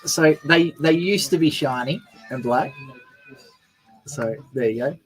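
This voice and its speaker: A man's voice: on the high side, slow pace, faint music behind. A man co-hosting a radio show, cheeky and playful, boasting in jest. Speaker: radio co-host. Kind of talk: casual radio banter.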